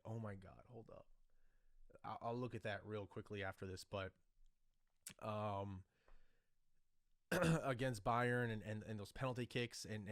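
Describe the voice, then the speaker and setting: Rambling man with a low, dry voice. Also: dry recording. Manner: rambling, with many fillers and restarts. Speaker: podcast host. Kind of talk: casual solo commentary. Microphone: desk microphone.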